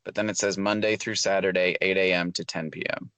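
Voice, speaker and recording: A man's voice: low voice, flat delivery, brisk, a bit bright, dry recording, low-quality recording. A man co-hosting a podcast, calling in by phone from a parking lot and puzzling over a sign in casual chat. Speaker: podcast co-host.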